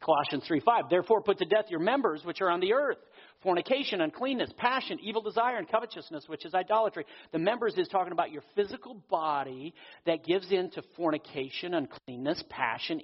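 A man preaching a sermon as pastor, earnest, slowing down for emphasis. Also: high voice, breathy edge. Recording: dull audio with long hall reverb.

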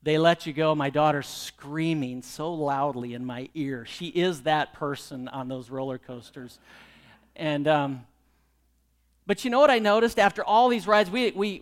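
A middle-aged man preaching a sermon, telling a personal story and then pressing the congregation with pointed rhetorical questions. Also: a little high. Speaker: pastor.

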